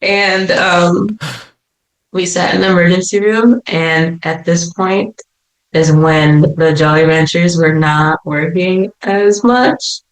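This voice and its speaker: A young woman talks as a podcast guest, telling her own story in a casual, animated way and laughing lightly between lines. Her voice sits a little low for a woman. The recording has a roomy echo around it. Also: takes it slowly. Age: young adult.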